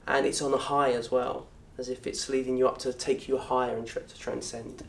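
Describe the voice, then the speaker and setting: A man with a southern English accent teaching an Arabic course in a lecture room. He talks in a lively way, quizzes the audience and acts out little scenes. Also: medium pitch, a little fast, gravelly. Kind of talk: lecture to an open day audience. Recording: roomy echo from a distant mic.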